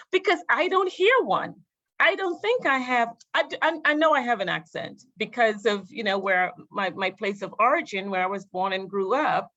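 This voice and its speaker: A reflective woman panelist thinks aloud in a casual discussion, her voice a little high. Her sound comes through somewhat dull and lo-fi. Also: lively intonation, moderate pace, pushed and bright.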